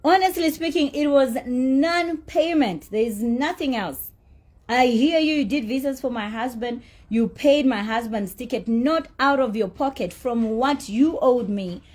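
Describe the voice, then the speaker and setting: In a high-pitched, darkish voice at a measured pace, a middle-aged celebrity gives her side of a fight over an unpaid appearance. The storytelling is heated and personal, blunt and indignant, with plenty of swearing.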